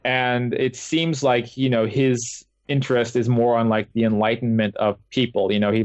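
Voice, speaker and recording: A man's voice: mid-range voice, darkish tone, no room sound. A man, a guest author, telling his experiences in a casual interview with lots of fillers and restarts. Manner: rambling, with many fillers and restarts. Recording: dull lo-fi dry call audio.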